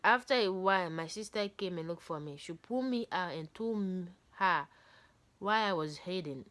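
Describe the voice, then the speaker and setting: Lady reading a book out loud, lowish voice, keeps breaking off to chat and joke. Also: lively intonation, normal speed. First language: not English. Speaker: book reader. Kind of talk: reading a book aloud with chatty asides.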